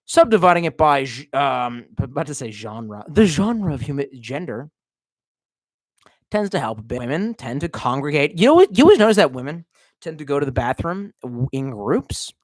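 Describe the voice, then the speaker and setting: Brief: drunk male streamer from Baltimore, profane and mocking, lively swinging pitch, dry close sound. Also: normal speed, dry recording. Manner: profane, mocking, shifts between yelling and muttering. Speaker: streamer reading chat. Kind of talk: casual livestream rant.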